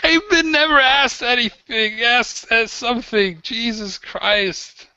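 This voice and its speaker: A man's voice: very high-pitched, slow pace, bright, forceful tone, smooth, dry recording, voice pushed up, full character voice. A man voicing a terrified, wounded male enemy soldier in a tabletop game, pleading and whining in a panic. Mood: exasperated. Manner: panicky, whimpering, exasperated pleading. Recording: dull lo-fi dry recording.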